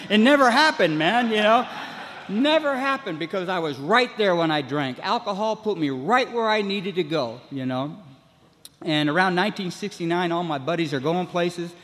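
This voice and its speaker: A man's voice: high voice, animated, moderate pace, a bit bright. Older man telling a rambling story. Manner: rambling storyteller, frequent "man, you know". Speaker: speaker sharing recovery story. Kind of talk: humorous recovery talk. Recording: long hall reverb.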